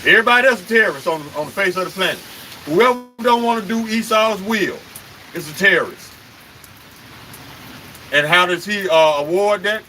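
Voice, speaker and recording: A man preaches with heat and pushes every point home with pointed rhetorical questions. His voice sits high and rings sharp and forceful. A faint hiss runs underneath. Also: normal speed, pauses often, rough recording. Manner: emphatic and confrontational, with rhetorical questions and cursing. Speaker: street preacher leading a live stream. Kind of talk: impassioned live-stream preaching.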